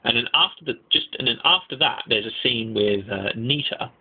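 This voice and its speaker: A young man giving a casual, rambling anime review, excitable and swearing freely. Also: mid-range voice, moderate pace, husky. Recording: tinny lo-fi mic.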